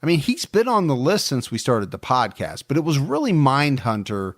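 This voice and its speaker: A man hosting a true-crime podcast in casual chat, relaxed and talkative. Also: medium pitch, moderate pace, no echo, clean studio sound. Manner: relaxed, chatty, fond of the listeners. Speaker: podcast host.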